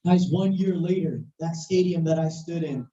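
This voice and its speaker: A preacher telling a story in a sermon, animated and at times shouting, recorded in a church hall. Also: mid-range voice, normal speed. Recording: echoey, distant, muffled hall recording.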